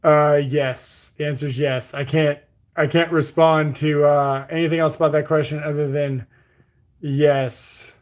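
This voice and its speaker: A relaxed man whose Bermudian accent has a Texas country twang running through it. His voice sits a touch high for a man. He reads viewer comments aloud in easygoing livestream chat and answers them with offhand jokes. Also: unhurried. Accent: Bermudian mixed with Texas country. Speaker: livestream host.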